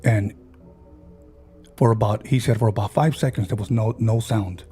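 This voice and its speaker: A man's voice: lowish voice, normal speed, dark tone, soft background music. A man on a podcast, casually retelling a friend's ghost story and acting out the people in it.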